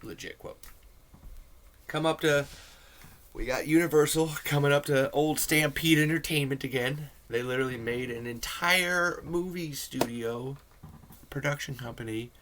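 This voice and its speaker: A man's voice: on the high side, unhurried, fairly bright tone. A man hosting a casual film commentary, talking in a rambling, enthusiastic way full of fillers. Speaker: film commentary video host.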